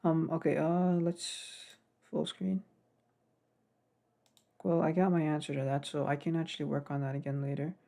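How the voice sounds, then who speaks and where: A man's voice: on the high side, little pitch movement, moderate pace, vocal fry, mellow. A young man casually narrating his game development work, rambling and getting sidetracked. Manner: rambling, self-deprecating, gets sidetracked. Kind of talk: casual devlog commentary.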